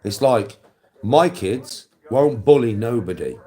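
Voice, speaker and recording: A man's voice: mid-range voice, expressive, slow pace, mellow. A middle-aged man with an English accent, delivering a blunt, coarse, swearing monologue straight at the viewer as a live-stream host. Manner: lectures the viewer directly, answers chat.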